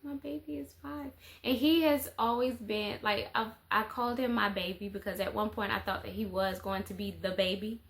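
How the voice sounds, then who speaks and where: A woman's voice: mid-range voice, fairly even intonation, normal speed, few pauses, fairly bright tone. A woman, chatting casually and rambling in a life-update vlog, with lots of fillers. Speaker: mother and vlogger.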